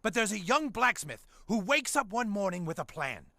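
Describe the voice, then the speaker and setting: A man narrating a story in a mock-gentle, drawn-out way. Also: sits high, sing-song, gravelly, no room sound.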